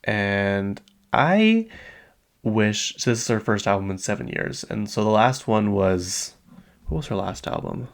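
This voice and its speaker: A man's voice: lowish voice, lively intonation, measured pace, vocal fry. A man in his late twenties chatting casually on his own, rambling through asides and fillers as a podcast host. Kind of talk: casual solo pop-culture chat.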